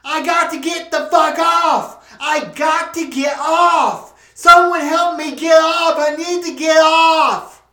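A woman voicing a panicked claustrophobic man trapped in a crowded lift, yelling and swearing. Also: on the low side, sing-song, unhurried. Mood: panicked shouting. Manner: frantic yelling, profane. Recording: roomy echo.

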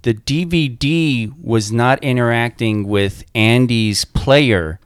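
A man's voice: medium pitch, slow pace, smooth, no echo, clean studio sound. A man on a podcast, casually telling a rambling story with restarts. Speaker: podcast co-host. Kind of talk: casual chat.

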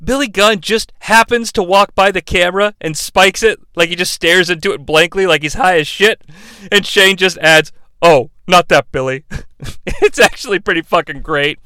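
A man's voice: sits high, normal speed, bright, forceful tone, clean tone, dry recording. A man hosting a comedic wrestling recap podcast, sarcastic and profane. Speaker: podcast host.

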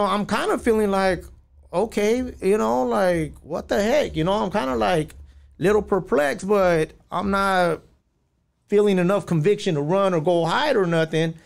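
Gravelly storyteller. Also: male voice, high voice. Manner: rambling storytelling with many fillers, acting out quoted dialogue. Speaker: podcast guest. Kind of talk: personal storytelling.

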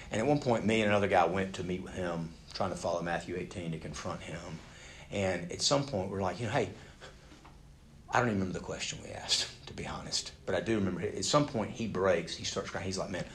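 A man preaching a sermon in a conversational way, swinging from loud, pressing emphasis to hushed, near-whispered asides. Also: sits low, a little hiss or hum. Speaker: pastor.

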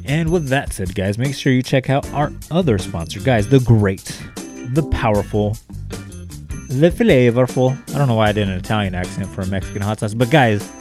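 A man hosting a casual podcast, reading sponsor spots in a loose, rambling, joking way. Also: mid-range voice. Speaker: podcast host.

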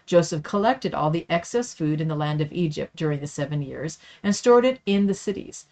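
A woman reading Bible passages aloud for a Bible study, steady with small slips. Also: low voice, a little fast. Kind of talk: scripture reading.

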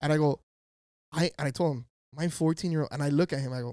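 A man's voice: a little high, quick pace, no room sound, studio quality. A man co-hosting a podcast, telling a story in casual chat with lots of slang and swearing, acting out the people he quotes. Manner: animated, slangy, profane, acts out quoted voices. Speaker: podcast co-host.

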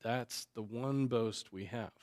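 A male pastor teaching a Sunday school class at an unhurried, deliberate pace. His voice sits at an ordinary middle pitch. He talks conversationally, with frequent fillers and tag questions. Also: a little mellow. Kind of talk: unscripted Bible class teaching.

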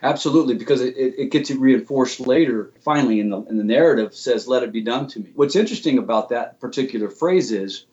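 A man's voice: mid-range voice, fast, few pauses, a little mellow. Man explaining theology, earnest, keeps restarting words, kinda dull lo-fi audio. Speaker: guest theologian.

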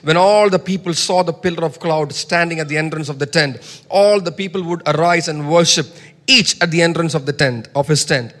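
A man preaching a sermon, reading scripture loudly and dropping to soft asides. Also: a little high, fairly quick, in a large hall. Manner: emphatic, swings between soft asides and loud scripture reading.

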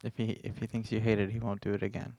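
Gravelly, joking podcast co-host man. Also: fairly low pitch, level tone, quick pace, darkish tone, no room sound. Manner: joking, self-mocking banter. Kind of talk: casual chat.

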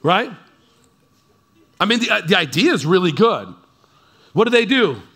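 High, bright-voiced man preaching conversationally. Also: very animated, measured pace, slightly rough. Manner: chatty, keeps checking in with the crowd, playful asides. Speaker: pastor. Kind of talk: conversational sermon. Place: church service in front of a congregation.

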